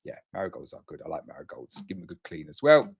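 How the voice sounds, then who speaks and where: A man's voice: very animated, fast, vocal fry, breathy edge. Chatty man hosting a bee stream. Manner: chatty, rambling, jumps up in pitch to read out names. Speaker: beekeeping livestream host. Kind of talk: casual live chat, reading viewer comments.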